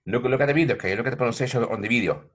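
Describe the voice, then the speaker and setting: Husky man teaching pronunciation. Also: medium pitch, racing. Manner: repetitive, addresses viewers as my friends, frequent okay. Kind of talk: online language lesson.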